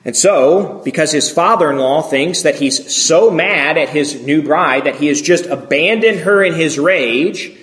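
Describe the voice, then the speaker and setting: A man preaching a sermon, retelling a scripture story in a lively way and acting out the characters' lines. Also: a little high, a little slow, few pauses, reverberant. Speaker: pastor.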